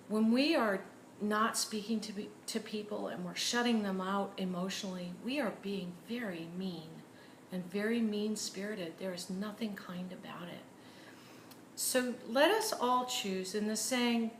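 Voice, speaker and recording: A woman preaching a sermon in an earnest way, dropping to hushed, near-whispered words for emphasis. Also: medium pitch, moderate pace, roomy sound, a little hiss or hum, rough recording. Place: church.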